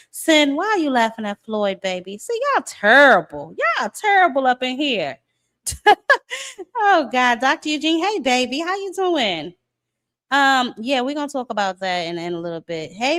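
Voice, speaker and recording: A woman's voice: fairly high pitch, a bit bright, smooth. A woman hosting a boxing live stream in casual chat, sassy and playful, greeting viewers as baby and y'all. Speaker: boxing show host.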